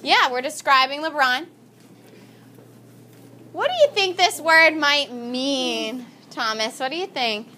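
A woman's voice: high-pitched, slow, long pauses, bright, forceful tone, slight background noise. A woman teaching a vocabulary lesson in a classroom, upbeat and calling on students by name.

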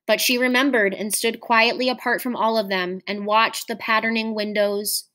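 Woman reading a story aloud, fairly high voice. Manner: measured, expressive storytelling. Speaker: teacher.

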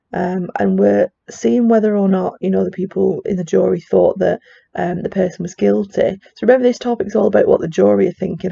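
Woman, regional English accent, chatty lecture, very gravelly, mellow tone, dull lo-fi sound. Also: mid-range voice. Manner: chatty, many fillers and asides. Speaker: psychology teacher. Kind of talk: classroom lecture. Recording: dull, dry lo-fi recording.

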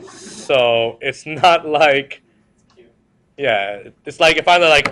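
A male teacher lectures a classroom, his voice sitting a little higher than most men's. He mixes jokes into his stories. He keeps putting questions to the students. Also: takes it slowly, pauses often, sharp tone, slight background noise. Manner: joking, storytelling, asks the class questions. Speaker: history teacher.

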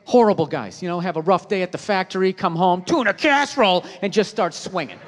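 A man's voice: high voice, lively intonation, brisk. A man performing stand-up comedy, ranting with heavy profanity and emphatic jabs at the crowd. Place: comedy stage before a live audience. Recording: reverberant live venue with crowd noise.

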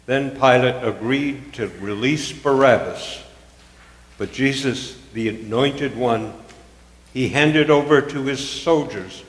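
A man reading scripture aloud at a church service in a measured, solemn way, raising his voice for the shouted lines. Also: mid-range voice. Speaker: scripture reader. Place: church sanctuary. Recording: echoey church hall.

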